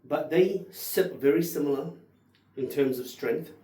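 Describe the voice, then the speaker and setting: A man's voice: on the high side, a little slow, warm tone, echoey room, recorded from a distance, low-quality recording. A man in his thirties rambling and swearing cheerfully while tasting whisky for his channel. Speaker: whisky reviewer. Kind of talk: casual tasting vlog.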